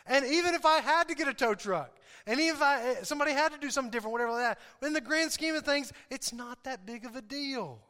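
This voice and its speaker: A male pastor preaches with animated emphasis and keeps repeating his main points. His voice is high for a man and bright. A long hall reverb hangs on every phrase. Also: fast, hardly any pauses. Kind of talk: sermon.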